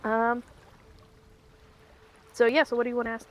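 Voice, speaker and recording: A woman's voice: a little high, flat delivery, moderate pace. A woman running a tabletop game as game master. She narrates in a rambling way, with lots of ums and restarts.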